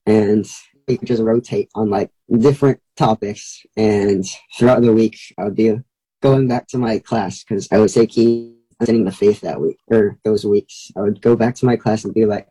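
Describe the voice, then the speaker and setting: A teenage boy answering questions as an interview guest, quick and casual, with lots of likes. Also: fairly low pitch, steady tone, mellow, breathy edge, rough recording. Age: teens.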